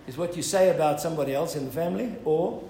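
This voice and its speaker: A man's voice: fairly high pitch, fast, mellow, reverberant, a little hiss or hum, rough recording. A male pastor preaching an earnest sermon, building up to emphatic appeals and asking "Amen?".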